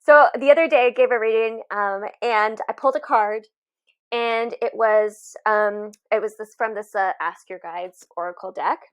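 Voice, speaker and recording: A woman's voice: on the high side, moderate pace, clean tone. A woman co-hosting a podcast as a medium, chatting casually in a friendly, rambling way. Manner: chatty, many fillers and restarts, laughs often. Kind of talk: casual chat.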